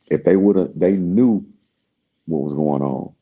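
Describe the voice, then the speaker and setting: A man's voice: deep voice, slow pace, dark tone, breathy edge, highs cut off. A man talking in a casual, rambling monologue, laid-back and slangy, trailing off with fillers as he searches for words.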